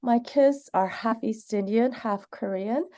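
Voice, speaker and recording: A woman in her forties gives public comment as personal testimony. Her voice is warm and mellow, and her delivery is earnest and candid. She grew up in Canada. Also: on the high side, a little slow. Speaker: community member giving public comment.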